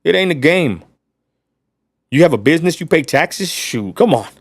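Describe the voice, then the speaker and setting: A man's voice: on the high side, animated, normal speed, no echo. Blunt ranting West Texas man. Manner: blunt, ranting, addresses viewers as y'all. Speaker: livestream host. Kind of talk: casual livestream rant.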